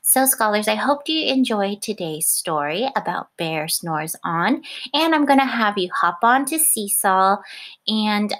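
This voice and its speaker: A young adult woman teacher reading a picture book aloud to her class, expressive, with gasps and questions to the children. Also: medium pitch. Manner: expressive, gasping, asks questions.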